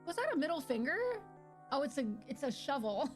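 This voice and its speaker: A woman's voice: high-pitched, big pitch swings, brisk, faint music behind. A woman streaming a game live, chatting to viewers and shrieking and swearing when things go wrong. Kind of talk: live gameplay commentary.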